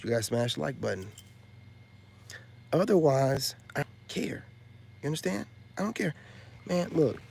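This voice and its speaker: Male host, casual storyteller who gets loud and animated when quoting others. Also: medium pitch, creaky. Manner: loud, excitable, acts out voices in quotes. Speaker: commentary channel host.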